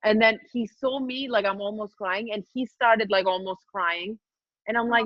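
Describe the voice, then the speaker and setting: A middle-aged woman, a podcast guest telling a personal story in a lively, laughing way, often repeating and restarting her words. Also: medium pitch, normal speed, no room sound, lo-fi sound. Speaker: master trainer, podcast guest. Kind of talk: casual storytelling chat.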